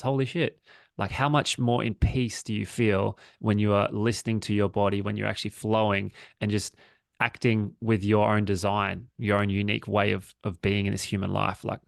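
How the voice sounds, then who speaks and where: Man, gravelly fry, dry close sound, reflective casual talk. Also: lowish voice, no echo. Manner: relaxed, reflective, swearing freely. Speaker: podcast co-host. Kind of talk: casual chat.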